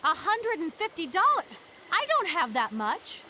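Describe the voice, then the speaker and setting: An actress voicing an ambitious young lawyer woman in a video game, poised, brisk and sharp-tongued. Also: extremely high pitch, wildly swooping pitch, a little hiss or hum, heavily acted. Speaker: game protagonist.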